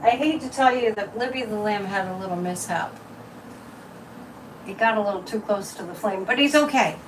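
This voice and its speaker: A woman's voice: medium pitch, normal speed, far from the mic, background noise. A woman from Massachusetts hosting a casual psychic livestream, chatty and mocking, repeating words and laughing often.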